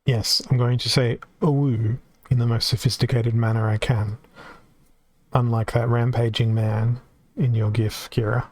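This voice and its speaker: A man's voice: mid-range voice, level tone, unhurried. A man with an Australian accent giving casual live-stream commentary on a card game, chatty and reacting aloud as it plays out.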